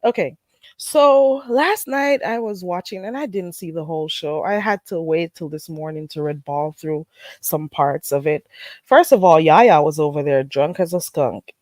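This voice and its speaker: Animated woman livestreaming, getting sick. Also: on the low side, dry recording. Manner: animated, swings into patois, swears freely, laughs often. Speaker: livestream host. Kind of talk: casual livestream chat.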